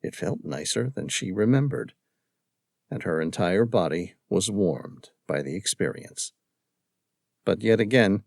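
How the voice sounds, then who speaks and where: A man's voice: lowish voice, lively intonation, a little slow, creaky, long pauses, a little mellow, dry recording. Man narrating an audiobook, dry close sound. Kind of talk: scripted narration.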